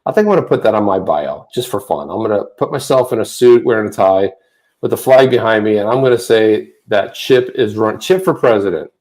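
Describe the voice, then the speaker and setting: A man co-hosting a casual livestream chat, rambling with many restarts and getting animated when he rants. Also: on the low side, fairly quick. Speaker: co-host. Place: home office.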